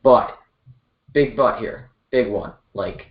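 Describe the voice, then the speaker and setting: A man's voice: mid-range voice, slow pace. A man co-hosting a casual sports podcast, joking around and often hesitating. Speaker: podcast co-host. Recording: roomy, dull lo-fi sound.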